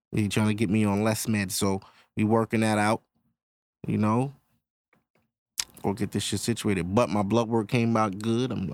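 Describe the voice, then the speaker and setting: A man's voice: fairly low pitch, vocal fry. A man hosting his own podcast, ranting casually and profanely straight to his listeners. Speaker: podcast host. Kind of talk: casual solo podcast rant.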